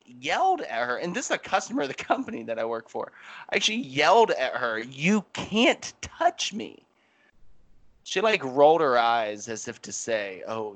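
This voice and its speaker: Man, podcast co-host, bright and forward tone, casual rambling storyteller. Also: fairly high pitch. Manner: rambling, animated storytelling with many fillers. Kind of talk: casual chat.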